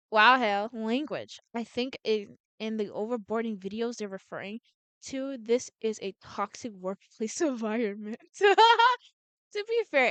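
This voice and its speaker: A woman's voice: medium pitch, no echo. A woman reading a visual novel aloud as a gameplay streamer, voicing every character in her own voice and often restarting words.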